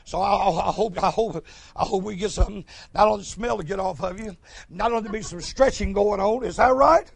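A man's voice: high-pitched, brisk, vocal fry, slightly rough, no echo. A man preaching a folksy sermon, telling stories and calling for responses. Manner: folksy, storytelling, calls for responses.

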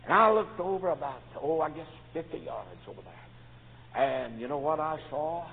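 A man preaching a revival sermon, his high voice leaping up and down as he shifts between quiet storytelling and sudden shouts. The recording is thin and tinny, with a long echo like a church hall. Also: lively intonation, normal speed, creaky. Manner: fervent, swings from hushed storytelling to loud shouts.

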